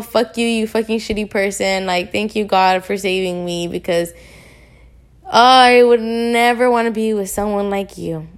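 A woman's voice: fairly high pitch, clean tone. A young woman hosting a casual podcast monologue, venting bluntly with lots of swearing. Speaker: podcast host.

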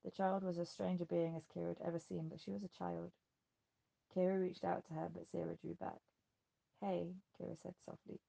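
Gravelly woman reading a novel. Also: fairly low pitch, flat delivery, fairly quick, warm tone. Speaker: audiobook narrator. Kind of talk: scripted narration.

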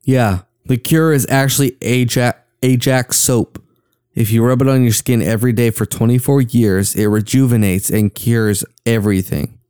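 A man's voice: medium pitch, fairly even intonation, a little mellow, clear, resonant tone, no echo, studio quality. A young man from the southern US chatting casually and joking while watching a film. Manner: joking, quick reactions. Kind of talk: casual movie watch-along chat.

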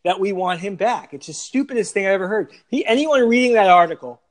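A man co-hosting a casual sports podcast, talking in an animated way with quick restarts and laughs. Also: high-pitched. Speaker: podcast co-host.

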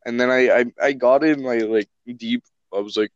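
A young man co-hosting a casual chat, rambling through stories with restarts and throat clearing. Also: mid-range voice, steady tone, fairly quick, few pauses, no echo, highs cut off. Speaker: podcast co-host. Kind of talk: casual chat among friends.

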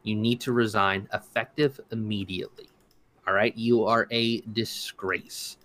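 A man's voice: lowish voice, fairly even intonation, unhurried, a bit bright. A man co-hosting a casual commentary podcast, rambling and indignant, with many restarts and fillers. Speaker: podcast co-host.

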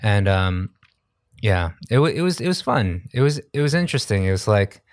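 Male podcast co-host, low register, relaxed storyteller, dry booth sound. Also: moderate pace, dry recording. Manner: easygoing, laughs often, stumbles and restarts. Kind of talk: casual chat.

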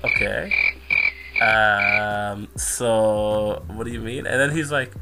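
A young man in casual chat, telling a story in an animated way and laughing often. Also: on the low side, slow pace, creaky, over music.

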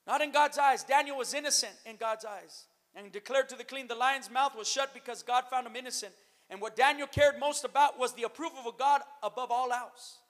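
A man preaching a sermon as pastor, calling out to the church and rising to shouted emphasis. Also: very high voice. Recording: long reverb of a hall.

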